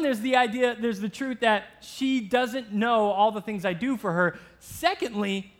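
A young man preaches in a high, light voice, weaving stories of fatherhood into an earnest sermon. He builds steadily toward his emphatic points. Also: fairly bright tone. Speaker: pastor.

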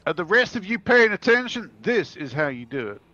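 A man's voice: medium pitch, expressive, normal speed, crowd noise, natural voice. A man playing a swaggering gunslinger in a tabletop game, with a put-on American accent and a boastful cowboy drawl. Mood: smug. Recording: dull lo-fi mic.

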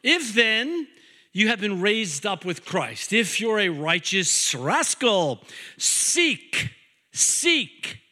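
Pastor guy preaching, really bright sharp voice, repeats words for emphasis, cracks little jokes. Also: high voice, big pitch swings, slow pace. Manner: dynamic preaching, swinging from loud emphasis to hushed intensity. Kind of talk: sermon.

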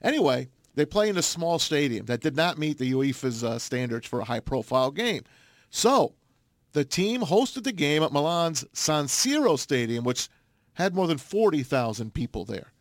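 Man, co-host, casual sports chat, fairly high pitch, dry sound. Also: normal speed, no room sound. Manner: animated storyteller reading news aloud. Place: Detroit.

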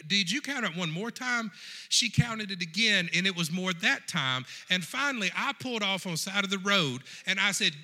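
Animated, bright-voiced man preaching. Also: sits high, moderate pace. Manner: animated, addresses the congregation directly. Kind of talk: sermon storytelling.

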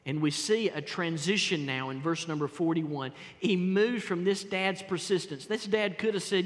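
A man preaching a sermon, dramatically moving between hushed tones and loud exclamations as he acts out the voices of Bible figures. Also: high-pitched, moderate pace, few pauses, in a large hall. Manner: dramatic, swings from hushed to shouting.

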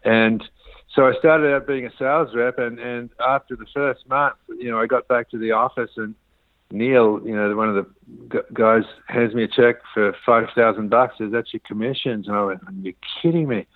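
A man guesting on an interview acts out quoted lines as he rambles through a story about business. His mid-range voice holds a steady tone at a moderate pace. The audio comes through a tinny, dry phone line without room echo.

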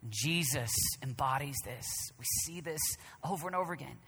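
A man preaches a sermon, repeating his phrases and swinging between ringing declarations and near-whispers. His voice sits fairly high and pushes hard with a tense, bright edge. A long reverb trails each phrase. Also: animated, moderate pace, gravelly, slightly rough.

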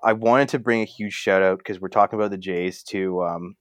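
A man's voice: low voice, steady tone, a little fast, no echo, clean studio sound. A man co-hosting a casual sports podcast, rambling with lots of fillers and restarts. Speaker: podcast co-host.

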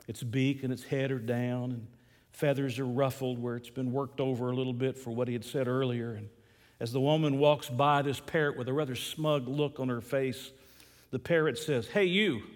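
A male pastor delivers a sermon in a folksy, storytelling manner. His voice sits at an ordinary middle pitch. It carries a long hall reverb. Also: a little mellow. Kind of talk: sermon with a joke.

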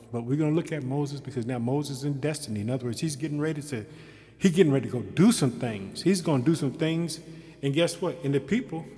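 Fervent preacher man in a reverberant space. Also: mid-range voice. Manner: fervent, rising to shouted pleas; speaks in short repeated phrases. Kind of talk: sermon.

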